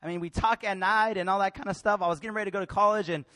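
High-voiced passionate young male preacher. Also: steady tone, rapid-fire, no room sound, clean studio sound. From Mexican family. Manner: passionate, swings from loud to hushed. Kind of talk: sermon.

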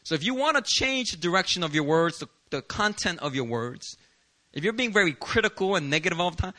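A male pastor from Philadelphia preaching a sermon in an animated, self-deprecating way, often laughing. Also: fairly high pitch, moderate pace.

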